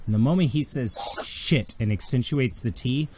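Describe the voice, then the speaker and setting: A man's voice: mid-range voice, moderate pace, noisy background. A man narrating a tabletop game as game master, telling it vividly with occasional restarts. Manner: vivid, graphic storytelling with restarts.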